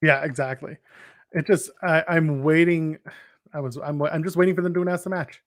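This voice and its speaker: A man chatting casually as a podcast co-host, rambling through wrestling recaps with wry jokes. His voice sits slightly on the high side for a man. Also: fairly even intonation, moderate pace, no room sound, clean studio sound.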